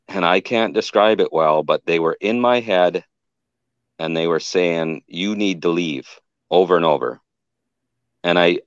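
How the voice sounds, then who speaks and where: A very deep-voiced man tells his story in a loose, rambling way, backing up to fix details as he goes. The sound is dry and a little dull, like lo-fi call audio with no room echo. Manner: rambling, restarts and self-corrections. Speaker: guest telling an encounter. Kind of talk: casual storytelling.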